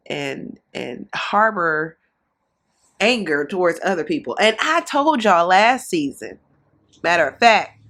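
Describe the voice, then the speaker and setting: A woman's voice: on the low side, a bit bright. Blunt gossipy woman commentator. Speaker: reaction commentator. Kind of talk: casual commentary on a reality show.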